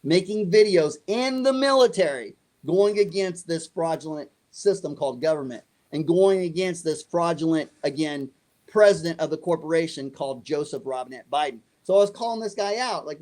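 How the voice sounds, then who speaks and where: A man's voice: a little high, moderate pace. A middle-aged man telling a story in an interview, acting out the other voices in it. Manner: animated, acts out dialogue. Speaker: guest.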